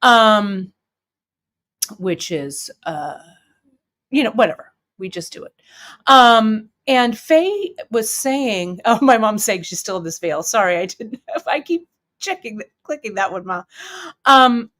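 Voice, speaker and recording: A woman's voice: medium pitch, lively intonation, takes it slowly, fairly bright tone. Chatty, teary woman stream host. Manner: chatty and emotional, tearing up, many fillers. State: teary, sniffling. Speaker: host of a bead shop live stream. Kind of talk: casual live-stream chat reading viewer comments.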